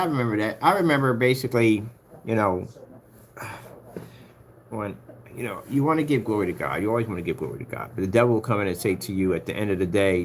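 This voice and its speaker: Playful low-voiced man, lively. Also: fast talker, slight background noise. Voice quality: playful, breaks into sing-song chants. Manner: chatty, talks to himself and a pet. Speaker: online shop owner. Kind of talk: casual screen-recorded website walkthrough.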